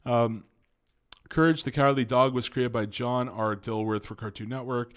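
Guy reading an article out loud on his channel, keeps stopping to react, lots of uh and um, calls people folks. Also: mid-range voice, steady tone, moderate pace. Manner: reads aloud with frequent interjections and fillers, addresses viewers as folks. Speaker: online video host. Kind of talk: casual reaction commentary, reading an article aloud.

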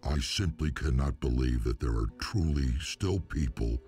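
A man voicing an ancient, scornful male fire dragon in a video game, speaking slowly and with disdain. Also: very deep voice, expressive, mellow, breathy edge, soft background music, full character voice. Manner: slow, disdainful.

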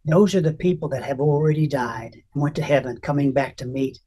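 Older man, husky voice, emotional faith testimony, earnest storytelling, interview guest. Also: on the high side, brisk, mellow. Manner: emotional, earnest storyteller who acts out quotes.

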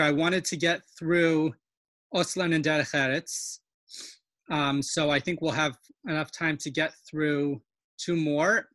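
A woman's voice: sits low, fairly bright tone, dry recording. A woman teaching an online webinar on Yiddish dialects over a video call, explaining word origins with eager enthusiasm and frequent "um"s. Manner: enthusiastic, self-described nerd, explains with many fillers.

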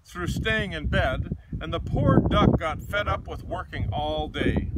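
A man hosting a children's show, reading a picture book aloud outdoors in a rural spot with chatty asides between pages, loud wind noise on the mic. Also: fairly high pitch, a little slow, few pauses.

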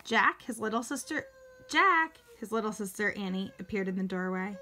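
A woman reads a children's chapter book aloud in a bright, forward voice at a middle pitch. She lifts her voice for the children's lines and now and then restarts a word. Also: moderate pace, slight background noise. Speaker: reader.

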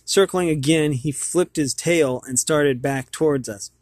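A man's voice: a little high, a little slow, a little mellow, no echo. A man reading a children's book aloud as host of his channel, hesitant, with many fillers and repeated words.

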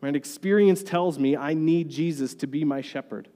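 A man's voice: on the high side, normal speed, dark tone, long reverb tail. A man preaching a sermon as pastor, earnest and conversational.

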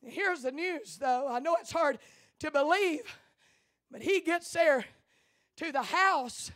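A woman pastor, preaching a sermon in church with impassioned, rising delivery that builds to shouts. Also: high-pitched, animated, slow pace.

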